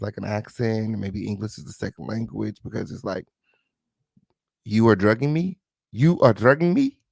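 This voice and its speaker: A man's voice: mid-range voice, gravelly, no room sound, clean studio sound. Sarcastic man riffing on court papers. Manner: sarcastic, slangy, talks back to the text; drawn-out mocking quoted voices. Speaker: online show host. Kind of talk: commentary reading court documents to a live chat.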